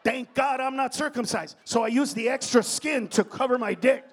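A man doing crude, loud stand-up comedy on stage, often slipping into impressions. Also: very high voice, normal speed. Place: comedy stage before a live audience.

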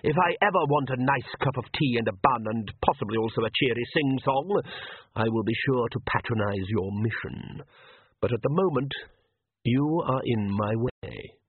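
A man's voice: medium pitch, moderate pace, breathy edge, dry recording, natural voice. A man voicing a contemptuous, aristocratic male vampire count who drawls with lofty scorn, heard as tinny phone-like audio. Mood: scornful. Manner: sneering, drawling and condescending.

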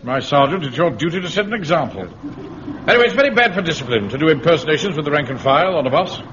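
A man's voice: on the high side, animated, racing, close to an everyday voice. A man playing a pompous, stuffy captain. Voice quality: pompous, stiff. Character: pompous middle-aged male platoon captain. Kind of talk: vintage radio comedy acting. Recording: dull old radio recording with hiss.

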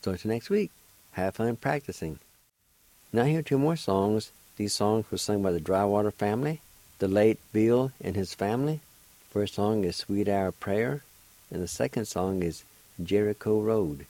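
A man leads a radio language lesson, spelling each word and sounding it out one syllable at a time. His voice sits low and warm, and the sound is close and dry with no room around it. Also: moderate pace, dry recording, poor audio. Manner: spells and pronounces words syllable by syllable, patient drilling. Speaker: radio host teaching a language.

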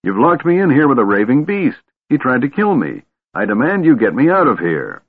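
A hulking warrior with a low, husky growl and a blustering, commanding way of speaking, as a male narrator acts him. The recording is dry and thin, like a phone call. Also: animated, normal speed, no echo. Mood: outraged. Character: big gruff human warrior, commanding. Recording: tinny narrow-band recording.

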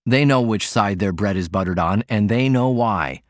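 A man's voice: fairly low pitch, normal speed, dry recording, clean studio sound, close to an everyday voice. A man reading an audiobook, voicing a defiant young working-class man who argues pointedly. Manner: pointed, argumentative.

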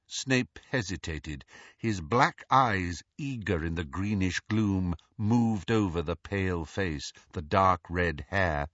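A man narrates an audiobook with a lively, expressive delivery. His low voice is husky but bright. The recording is dry and slightly dull. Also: takes it slowly, no echo. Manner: expressive, animated reading.

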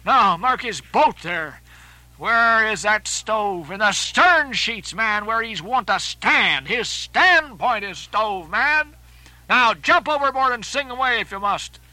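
A man reading an audiobook and voicing a grave, anxious first mate on a ship, urgent and emphatic with drawn-out stresses. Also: high-pitched, expressive, pushed and bright, dry recording, voice pushed up, exaggerated voice, poor audio.

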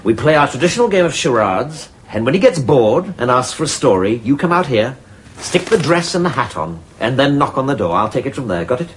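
A man's voice: mid-range voice, big pitch swings, brisk, close to an everyday voice. An actor playing a dry, sarcastic, scheming male servant in a sitcom. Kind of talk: sitcom acting. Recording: hissy old TV recording.

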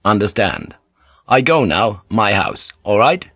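A man voicing a wary male English sailor who speaks in careful, halting broken phrases. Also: lowish voice, sing-song, fairly bright tone, husky, no echo, full character voice. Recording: dull lo-fi audiobook recording.

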